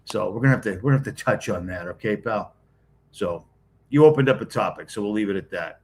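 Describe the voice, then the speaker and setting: Blunt wisecracking middle-aged guy from boston, low voice, chatting with his live stream viewers. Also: expressive, fast, darkish tone, slight background noise. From Boston area, New England. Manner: blunt, wisecracking, talks straight to chat. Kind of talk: casual live-stream chat, greeting commenters.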